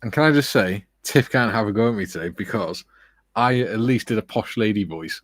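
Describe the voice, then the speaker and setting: Man, fairly low voice, dry close sound, casual joking chat, model-building livestream co-host. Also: brisk, no echo. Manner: chatty, joking, reads viewer comments aloud.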